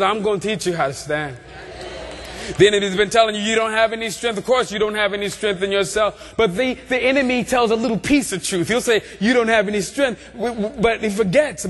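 A man preaching a sermon with passion, building through repeated phrases and rising to shouts. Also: high-pitched, quick pace, a faint crowd, a little hiss or hum. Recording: long reverb of a large hall.

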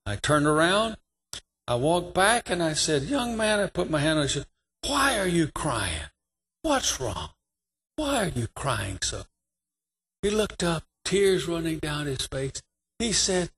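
A man preaching a sermon, telling a personal story with animated delivery that rises to fervent emphasis. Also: high voice, a little slow, long pauses. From New York.

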